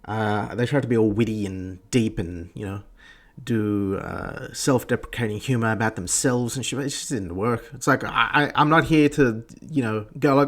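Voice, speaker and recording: A foul-mouthed man in a mid-pitched voice, scornful and blunt as he rants. He swears through nearly every line and never softens his scorn. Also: fairly quick. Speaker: podcast host. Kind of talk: profane ranting commentary.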